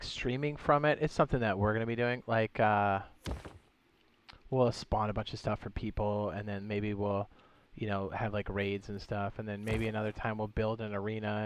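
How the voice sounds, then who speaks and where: A man's voice: fairly low pitch, a little hiss or hum. A young man casually chatting on a gaming livestream, thinking aloud as he builds and greets viewers. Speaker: streamer.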